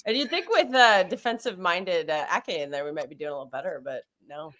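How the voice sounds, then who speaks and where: A woman's voice: fairly low pitch, quick pace, a bit bright. A woman co-hosting a live football watch-along, chatting casually and rambling with restarts. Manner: rambling, with many restarts and laughs.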